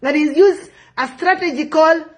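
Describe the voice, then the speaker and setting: A woman's voice: high voice, normal speed. A South Sudanese woman with a South Sudanese accent giving impassioned political commentary, repeating phrases for emphasis. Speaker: online commentator.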